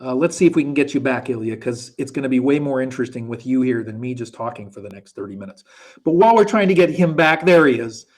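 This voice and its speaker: A man's voice: mid-range voice, quick pace. A man from the United States co-hosting a live online interview show, chatty and prone to self-corrections. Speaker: co-host. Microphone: video call.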